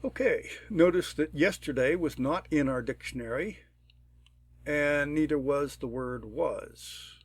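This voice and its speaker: A man talking through a programming tutorial step by step, unhurried and thinking aloud, often clearing his throat. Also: on the high side, no room sound. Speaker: tutorial presenter. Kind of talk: screen-recorded programming tutorial.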